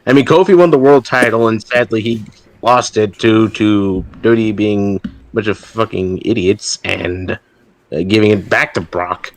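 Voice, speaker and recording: A man hosting a podcast chat, easygoing and hesitant, leaning on fillers as he thinks. His voice is low. The sound is dry and close. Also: a little slow, no room sound, rough recording. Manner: laid-back, hesitant, many fillers. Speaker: podcast host. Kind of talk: casual chat.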